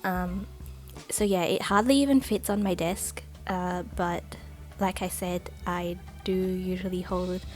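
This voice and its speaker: A woman's voice: on the low side, a little mellow. A woman vlogger giving a chatty, rambling voice-over for an unboxing video, full of "like" and "uh", on a not very good home microphone.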